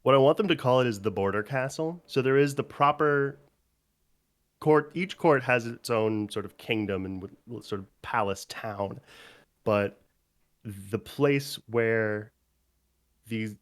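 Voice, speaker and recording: A man's voice: medium pitch, unhurried, no echo. A man narrating as game master, rambling casually with fillers.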